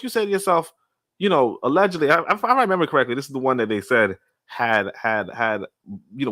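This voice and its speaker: A man's voice: a little high, fairly bright tone. A man in his thirties hosting a livestream podcast, talking in a rambling monologue with many restarts and blunt cursing. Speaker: podcast host.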